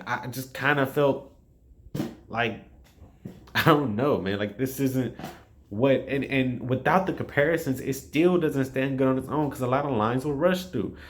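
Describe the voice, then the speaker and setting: Rambling, frustrated man reviewing a film. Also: medium pitch. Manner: rambling, frustrated, frequent restarts and swearing. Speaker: movie reviewer. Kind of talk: casual spoken film review.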